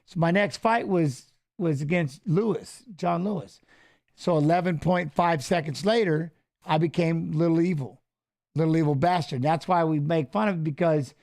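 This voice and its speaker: Middle aged guy on a fight stream, kinda high voice, loose rambly stories, swears a lot. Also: a little mellow. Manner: rambling storyteller, swears freely. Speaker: show host and former fighter. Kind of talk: casual live-stream chat.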